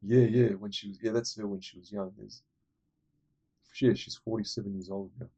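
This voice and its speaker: Gravelly man rambling about movies. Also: lowish voice, fairly even intonation, normal speed, dark tone, muffled recording. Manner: rambling, enthusiastic, many fillers. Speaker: movie reviewer. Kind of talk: casual movie recommendations.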